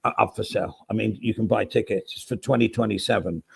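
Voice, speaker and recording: A man with a gravelly, creaky voice chats loosely as a podcast co-host. He rambles along and drops casual swear words. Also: fairly low pitch, quick pace. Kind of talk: casual chat.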